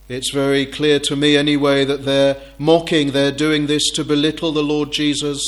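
A man preaching an expository sermon, slow and deliberate, asking rhetorical questions. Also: fairly high pitch, flat delivery, fairly bright tone.

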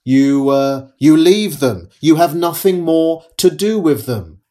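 A pastor delivering a sermon in a slightly higher-than-usual male voice. He speaks very slowly and deliberately, repeating his phrases for emphasis and pausing often between them. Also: expressive, dark tone. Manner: measured, repetitive, emphatic preaching with pauses.

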